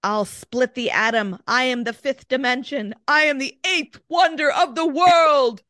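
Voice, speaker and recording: A woman's voice: medium pitch, expressive, measured pace, dry recording, clean studio sound, lightly acted. A woman voicing a boastful, threatening male talking mongoose spirit, reading his words dramatically. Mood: menacing. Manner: dramatic quoted read-out, rising to a shout.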